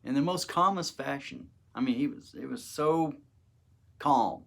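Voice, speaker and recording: Slow-talking man telling his testimony. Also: medium pitch, creaky. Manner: emotional, dramatic retelling with acted quotes. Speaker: testimony speaker. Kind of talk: personal testimony storytelling.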